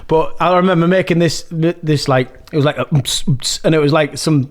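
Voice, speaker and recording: A man's voice: a little high, a little fast. A man in his thirties with a Yorkshire accent, a podcast guest telling rambling stories about his music past, swearing and laughing often. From England. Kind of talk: casual chat.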